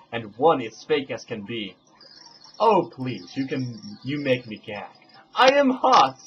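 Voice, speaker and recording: A man's voice: fairly high pitch, a bit bright, slight background noise. A man voicing two rival female fairy guides who trade rhyming insults in a singsong voice. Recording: dull lo-fi home recording.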